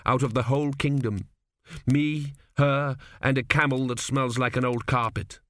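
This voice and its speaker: A man's voice: mid-range voice, fairly even intonation, normal speed, a bit bright, dry recording, close to an everyday voice. A man voicing a despondent young king with a dry, weary manner, in an audiobook. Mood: glum. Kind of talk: audiobook character voice.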